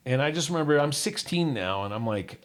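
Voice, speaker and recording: A man telling his own life story candidly, acting out what others said and dropping low and quiet on the painful parts. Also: animated, brisk. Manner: candid, acts out quoted voices, drops low on painful parts. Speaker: guest. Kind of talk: personal storytelling.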